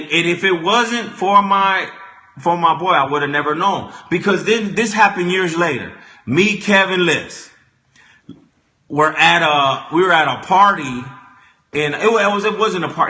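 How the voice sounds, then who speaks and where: A young man telling a comic story as a vlogger, animated and repetitive, stumbling over restarts. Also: on the high side. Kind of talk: comedic storytelling rant. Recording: echoey room.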